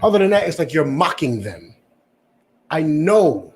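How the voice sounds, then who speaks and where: A man's voice: a little high, big pitch swings, a little slow, a little mellow, breathy edge. A male preacher giving a confrontational sermon, lecturing in a profane style and asking "You understand?" again and again. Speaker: preacher and teacher.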